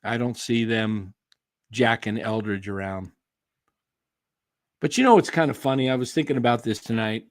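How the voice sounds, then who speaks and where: A sports show host runs a casual live stream at normal speed with frequent pauses, his medium-pitched voice wearing thin as he loses it and clears his throat. He's opinionated and rambling and answers chat by name. The sound is clean and studio-like, with no room around him.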